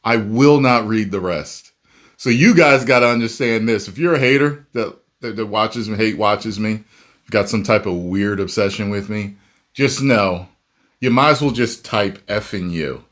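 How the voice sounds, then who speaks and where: A man's voice: fairly low pitch, moderate pace, a bit bright. A man hosting a reaction video, ranting emphatically about the comments and laughing often. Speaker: YouTube reaction host.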